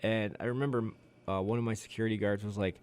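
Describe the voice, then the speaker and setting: A man co-hosting a casual community radio talk show, telling stories and loudly acting out the lines of the people in them. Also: fairly low pitch, quick pace, smooth. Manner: animated storyteller, acts out quotes loudly. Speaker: co-host. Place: radio studio.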